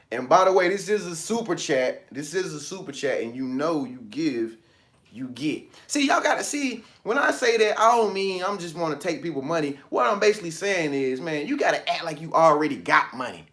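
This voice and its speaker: A man hosting a motivational video, talking in an animated, colloquial, preachy way and laughing often. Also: a little high, normal speed. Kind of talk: casual motivational talk.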